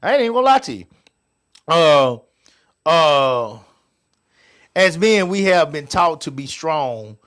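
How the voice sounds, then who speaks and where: A middle-aged man co-hosting a casual show, swearing freely and swinging between loud outbursts and quiet asides. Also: a little high, sing-song, slow pace, pauses often. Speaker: podcast co-host. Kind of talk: casual chat with listeners.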